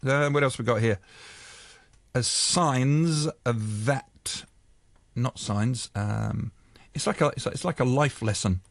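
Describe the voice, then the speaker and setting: A man hosts an afternoon radio show in a studio, talking casually and often stumbling over his own sentences before he finds his way. His voice sits at an ordinary middle pitch. The microphone sound is close and dry, with no room echo. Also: takes it slowly, gravelly. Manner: rambling, self-correcting, chuckling at listener jokes. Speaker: radio drive-time host.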